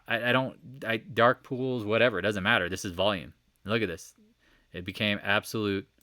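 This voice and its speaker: A man giving a casual, animated stock market recap over charts, joking and swearing as he goes. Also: on the low side, dry recording, studio quality. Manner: animated, profane, joking asides.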